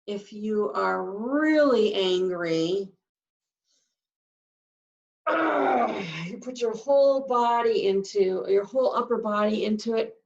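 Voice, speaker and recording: Slow, gravelly woman teaching signs. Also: medium pitch, echoey room. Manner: explains each sign step by step, drawn-out words. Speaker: sign language teacher. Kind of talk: slow, patient instruction. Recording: dull lo-fi sound, from a distance.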